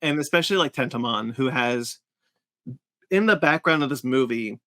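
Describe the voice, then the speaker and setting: Podcast co-host, male, mid-pitched, earnest and halting, dry close-mic sound. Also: dry recording. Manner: earnest, stumbles and restarts when excited. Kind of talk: casual chat.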